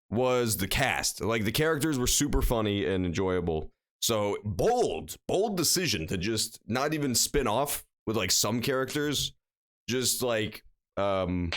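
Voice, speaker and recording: A man hosting a let's play, chatting casually and joking with plenty of swearing while he thinks out loud. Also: lowish voice. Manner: jokey, profane, thinking out loud. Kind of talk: casual gaming commentary.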